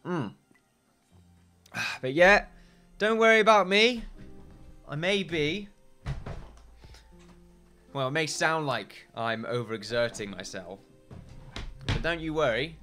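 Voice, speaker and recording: A tired man talks his way through a building game in a loose, rambling let's-play chat, forever correcting himself and chuckling. His voice is bright and lively, swinging up and down in pitch. Soft game music plays underneath. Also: slow, pauses often. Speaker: gaming video host. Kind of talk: casual let's-play commentary.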